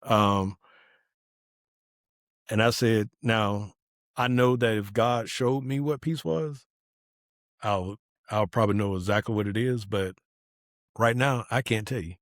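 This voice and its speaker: A man's voice: lowish voice, takes it slowly, pauses often, no room sound, clean studio sound. A man, a podcast guest telling a personal testimony in casual conversation, earnest and acting out the dialogue he quotes.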